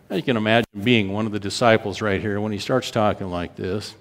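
A man preaching a sermon, reading scripture aloud with slow, drawn-out emphasis and lively swings in delivery. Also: on the low side. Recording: long hall reverb.

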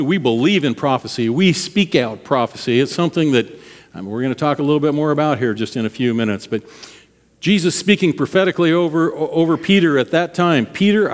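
Conversational male pastor in a reverberant hall. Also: medium pitch. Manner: conversational, quizzes the congregation. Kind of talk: sermon. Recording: long reverb of a large hall.

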